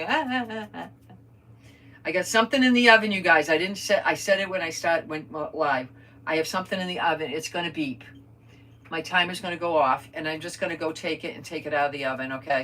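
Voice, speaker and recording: An older woman with a low-pitched, sharp-toned voice chats casually while crafting on a livestream. She rambles about family news, greets viewers by name, and reads their comments aloud in a chatty way.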